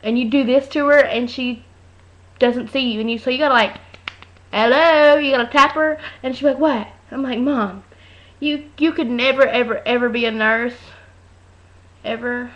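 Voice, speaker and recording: High-voiced woman ranting on a webcam. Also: steady tone, normal speed. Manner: chatty storytelling, acts out voices, talks loud. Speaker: vlogger. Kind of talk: casual webcam rant. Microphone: webcam mic. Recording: dull lo-fi webcam audio.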